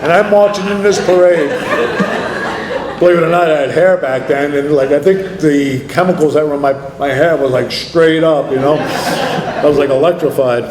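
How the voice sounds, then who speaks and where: A man's voice: fairly high pitch, steady tone, normal speed, crowd noise. Guy rambling thru his aa story, lots of "you know", echoey room. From New Jersey. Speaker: AA speaker. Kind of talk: recovery story talk. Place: meeting room.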